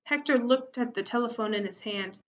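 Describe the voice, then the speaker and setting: A woman's voice: on the high side, fairly quick, a little hiss or hum. Woman teacher reading a story aloud. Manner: steady, expressive narration. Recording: muffled lo-fi recording.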